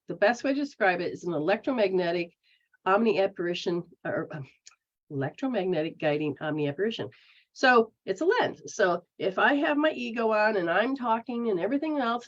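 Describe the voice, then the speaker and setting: A woman giving a casual spiritual teaching talk. She acts out people's inner voices in a lively way. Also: on the high side. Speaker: metaphysical practitioner. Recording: dull lo-fi recording.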